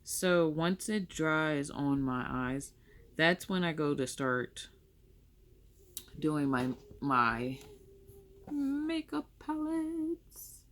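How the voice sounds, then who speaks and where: A woman's voice: deep voice, very slow, a bit bright, a little hiss or hum. A young woman chatting casually through her makeup tutorial, rambling and correcting herself as she goes. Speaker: makeup vlogger.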